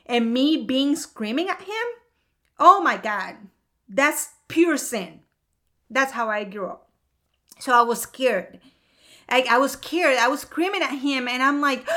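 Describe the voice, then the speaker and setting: High, bright-voiced woman sharing her testimony. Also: animated, measured pace. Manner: earnest and emotional, with laughs. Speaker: mother of two. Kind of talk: personal faith testimony.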